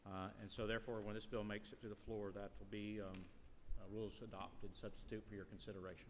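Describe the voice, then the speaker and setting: A man chairing a legislative committee hearing, moving through procedure with halting fillers. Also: fairly low pitch, flat delivery. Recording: echoey hearing room with faint noise.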